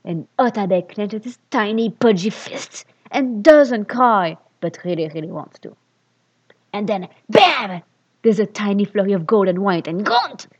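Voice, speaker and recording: A woman's voice: mid-range voice, moderate pace, few pauses. A woman reading fan fiction aloud, stopping for sarcastic, sweary asides about the text. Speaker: reader. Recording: dull lo-fi recording.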